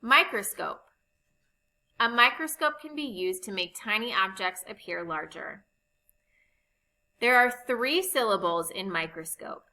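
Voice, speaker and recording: A woman teaching a recorded phonics lesson, explaining spelling rules slowly and patiently. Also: mid-range voice, animated, pushed and bright, poor audio. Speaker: reading teacher.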